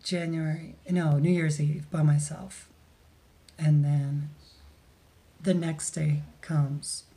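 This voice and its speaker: Warm-voiced woman telling her life story. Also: deep voice, level tone. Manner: halting, full of "like" and "you know". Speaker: guest sharing a life story. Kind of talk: personal storytelling on a radio show.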